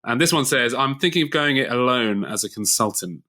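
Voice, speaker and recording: A man's voice: medium pitch, expressive, brisk, pushed and bright. A man co-hosting a podcast, reading out listener questions and responding in a friendly, casual way. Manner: friendly, reads questions aloud, brief affirmations.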